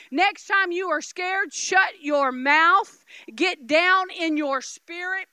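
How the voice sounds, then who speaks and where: A middle-aged woman preaches with a very high, bright voice, stressing words and doubling back on herself. She jumps from shouted lines to hushed asides. The sound is close and dry. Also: no echo. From Oklahoma, US. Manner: emphatic, repeats words, swings from loud shouts to quiet asides. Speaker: guest preacher. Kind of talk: Pentecostal sermon.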